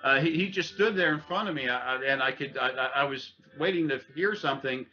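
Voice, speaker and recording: A man telling a long personal story in casual speech, halting often with fillers and restarts and swearing bluntly. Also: mid-range voice, pushed and bright, dull audio. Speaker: interviewee.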